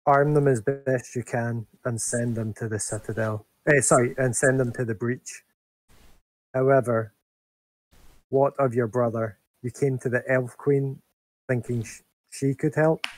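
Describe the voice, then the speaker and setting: A man's voice: medium pitch, steady tone, a little slow, darkish tone, no echo, lightly acted, poor audio. A man playing a terse, proud adventurer. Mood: commanding. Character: bold male adventurer, blunt and proud.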